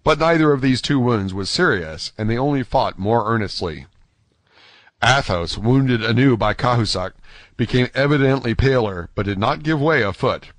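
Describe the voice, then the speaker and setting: Brief: male audiobook narrator, steady measured reading, middle pitch, dry close recording. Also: dry recording. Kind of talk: scripted narration.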